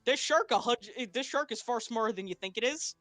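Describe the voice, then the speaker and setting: A woman narrating as game master of a tabletop game, with a halting delivery full of restarts. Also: on the high side, a bit bright, no room sound, faint music behind.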